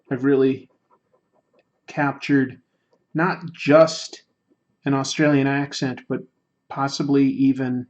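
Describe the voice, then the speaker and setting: An American man chatting on a livestream while he draws, joking and mocking himself, rambling with restarts. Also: mid-range voice. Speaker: streamer drawing while chatting. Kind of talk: casual livestream chat. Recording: dull lo-fi stream audio.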